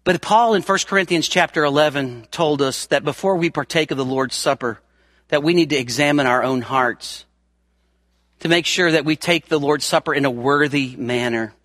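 Middle-aged guy preaching, high bright voice, dry close sound, gets loud then real quiet, repeats stuff for punch. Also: normal speed, no room sound. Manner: emphatic, repeats words for stress, swings from loud to soft. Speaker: pastor. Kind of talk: sermon.

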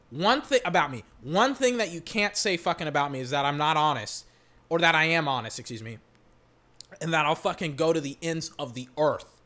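A football fan doing live reaction commentary on a game, swearing a lot and yelling at the referees in loud, ranting outbursts. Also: mid-range voice.

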